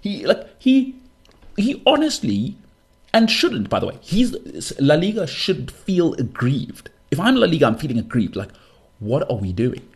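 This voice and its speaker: A husky-voiced man hosts a sports podcast. His pitch swings widely as he rants through his opinions, firing off rhetorical questions and quick asides. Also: wildly swooping pitch. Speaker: podcast host.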